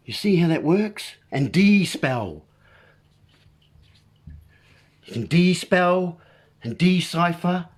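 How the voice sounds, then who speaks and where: A man delivering a rambling monologue as host, full of playful wordplay and talking straight to the listeners as folks. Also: fairly high pitch.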